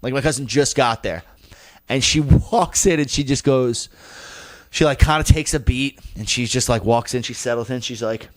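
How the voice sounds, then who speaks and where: A man's voice: medium pitch, normal speed. A young man co-hosting a comedy podcast, telling a story in casual chat and acting out the people in it, with plenty of swearing. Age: young adult. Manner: animated storyteller, acts out quoted people, swears a lot. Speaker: podcast co-host.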